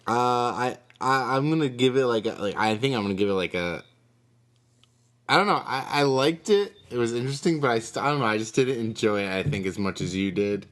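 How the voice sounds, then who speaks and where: A man co-hosting a casual TV review podcast, talking haltingly and often trailing off. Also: mid-range voice, expressive, a bit bright. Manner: hesitant, full of fillers and restarts. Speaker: podcast co-host.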